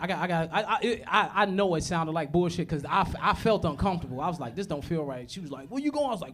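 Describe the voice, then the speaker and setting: A young man doing a stand-up comedy set, telling profane stories, acting out voices and laughing at his own jokes. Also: fairly high pitch. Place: comedy club stage.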